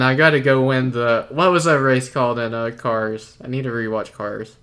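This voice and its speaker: A man's voice: medium pitch, fairly even intonation, moderate pace, fairly bright tone. A man co-hosting a podcast, easygoing and chuckling a lot, egging on his co-host. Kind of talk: casual chat.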